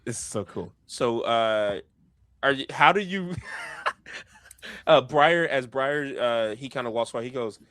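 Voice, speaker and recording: A man's voice: mid-range voice, slow, long pauses, a bit bright, no echo. A man narrating as game master of a tabletop role-play, laughing often and talking in a playful, loose way.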